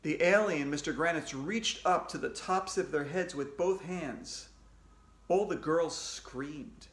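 A man with a fairly high voice reads a children's story aloud, playful and animated as he goes. The sound bounces around a roomy, echoey space. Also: takes it slowly. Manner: animated, raises pitch for character voices. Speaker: children's author reading aloud. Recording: echoey room.

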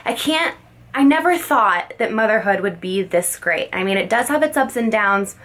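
A young woman talking as a mother to her baby son, tender and emotional, with halting words, recorded in a closet at home. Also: medium pitch, lively intonation, fairly bright tone. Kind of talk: heartfelt personal video message.

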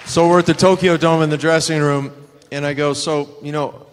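A man's voice: on the high side, moderate pace, slight background noise. A man in his sixties telling stories on stage at a live panel, acting out the voices of people he quotes. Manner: animated, acts out quoted voices. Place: stage in a large convention hall. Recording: roomy hall reverb.

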